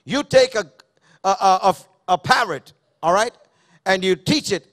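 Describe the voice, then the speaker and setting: A man's voice: high voice, unhurried, long pauses, fairly bright tone. A man preaching a sermon to his church, repeating key phrases and asking the congregation questions. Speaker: pastor. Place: church service.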